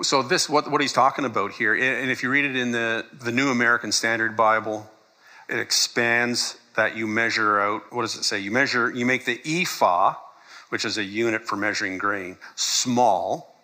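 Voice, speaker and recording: Bright-voiced male pastor preaching. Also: mid-range voice. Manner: conversational, laughs often, acts out quotes. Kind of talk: sermon.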